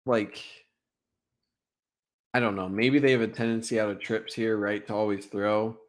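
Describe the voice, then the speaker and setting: A young man with a fairly low voice talks through football plays on a casual stream. He gets excited over big hits and packs his talk with "like" and "right?". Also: normal speed. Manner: excitable, filler-heavy, lots of "like" and "right?". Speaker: sports streamer breaking down game film. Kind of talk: casual live-stream film breakdown.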